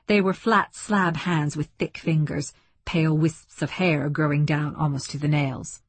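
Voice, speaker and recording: A woman narrating a novel in an even, descriptive audiobook reading. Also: sits low, measured pace, breathy edge, no echo.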